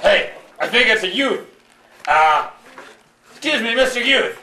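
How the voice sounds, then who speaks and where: A man's voice: sits high, lively intonation, a little slow, bright, forceful tone, slight background noise, exaggerated voice. A man voicing a pushy, upbeat army recruiter puppet who talks like a salesman in a live puppet show, recorded in an echoey hall. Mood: persuading. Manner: salesy, cheerleading.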